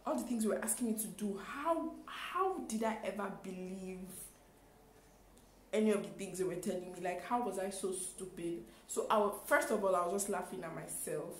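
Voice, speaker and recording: A young woman, telling a storytime in an animated, exclaiming way with acted-out quotes. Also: mid-range voice, fast talker, hardly any pauses, roomy sound, slight background noise, poor audio. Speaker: vlogger. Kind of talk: storytime vlog.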